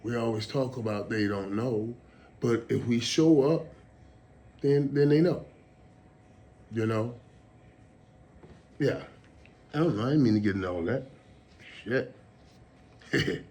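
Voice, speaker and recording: A man's voice: mid-range voice, animated, a little slow, pauses often, darkish tone. Emotional rambling man, casual talk. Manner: emotional, rambling, repeats words. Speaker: show host.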